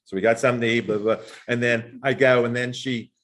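A man sharing his own story at a group meeting, lively and animated in the telling. His voice leaps up high whenever he quotes someone, then drops back into an easy, mid-range speaking voice. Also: fast. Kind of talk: personal recovery story told to a group.

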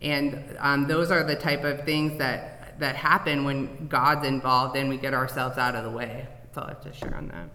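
Man, bright tense tone, casual sharer at a recovery meeting; reverberant hall. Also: mid-range voice, little pitch movement, normal speed, hardly any pauses. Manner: loose, conversational, fillers like "um" and "like". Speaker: member sharing at a recovery meeting. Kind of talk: personal sharing. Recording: echoey hall.

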